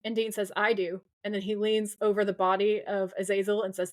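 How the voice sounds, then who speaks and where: A woman's voice: medium pitch, flat delivery, a little fast. A young adult woman co-hosting a podcast, effusively retelling TV scenes by quoting the dialogue. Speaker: podcast co-host. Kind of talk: casual recap chat.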